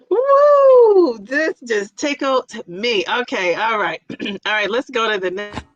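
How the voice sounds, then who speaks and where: Woman, livestream host, playful, excitable, teasing, fairly high voice, dull muffled audio. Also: slow, no room sound. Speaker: host of a live chat stream. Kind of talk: casual livestream chat reading viewer comments.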